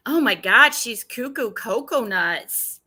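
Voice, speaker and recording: Her voice is a little high and sharp, with lively intonation and a breathy edge. Hosting a casual livestream, she comes across blunt and combative, curses a lot, and keeps stopping to restart what she's saying.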